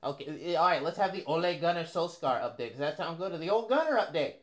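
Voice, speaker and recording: A man's voice: fairly high pitch, expressive, fast. A man co-hosting a casual sports talk show, teasing and laughing often. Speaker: podcast co-host.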